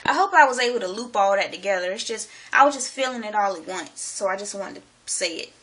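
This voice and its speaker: A woman talking to her camera in a casual vlog monologue, excited and rambling, slangy and swearing freely. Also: mid-range voice, quick pace, a little hiss or hum. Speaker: vlogger.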